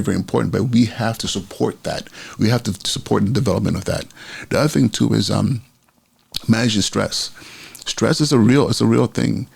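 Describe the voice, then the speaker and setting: Gravelly, husky-voiced man podcasting. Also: on the low side, darkish tone. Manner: conversational, many fillers and restarts. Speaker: school principal and podcast host. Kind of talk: casual solo podcast talk.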